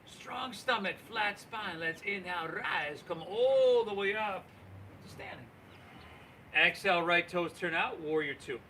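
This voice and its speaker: A man guiding a live yoga class, cueing poses and breaths in an encouraging, relaxed and folksy way. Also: sits high, a little slow, a little hiss or hum. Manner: relaxed, folksy, says y'all. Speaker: yoga instructor.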